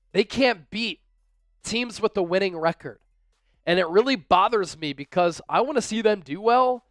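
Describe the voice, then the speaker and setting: A man with a high, smooth, resonant voice hosts a live sports stream. He talks casually and upbeat, reading out viewer donations and game scores. The sound is dry and close. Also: a bit bright, dry recording. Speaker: livestream sports show host.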